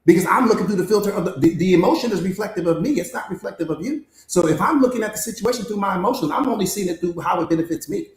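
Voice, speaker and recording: Emphatic preaching male coach, high voice. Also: very fast, hardly any pauses, a little mellow. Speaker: motivational coach. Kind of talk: motivational master class talk. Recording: roomy echo.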